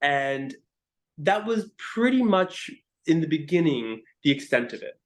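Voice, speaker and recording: A man, a harp teacher and musician, telling stories as a guest in a podcast interview, emotional and halting with frequent restarts. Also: on the high side, sing-song. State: choked up.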